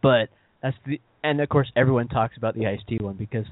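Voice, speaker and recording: Podcast host guy, rambly and animated, keeps cutting himself off, tinny dry phone-ish sound. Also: mid-range voice, quick pace, no echo. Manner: animated, rambling, self-interrupting. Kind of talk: casual chat.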